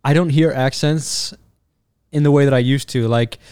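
A man's voice: mid-range voice, steady tone, normal speed, darkish tone, clean tone, no room sound, clean studio sound. A man chatting casually as a podcast guest, telling rambling stories and laughing often. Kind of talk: casual chat.

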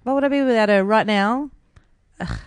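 A woman's voice: a little high, normal speed, smooth, dry recording. Aussie woman on a podcast, telling a story, swears a lot, acts out quotes, dry close mic. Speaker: podcast co-host. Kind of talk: casual chat.

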